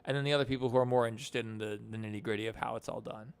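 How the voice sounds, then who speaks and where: A man's voice: mid-range voice, fairly even intonation, racing, noisy background. A young man casually chatting on a live stream about animation, rambling with lots of fillers.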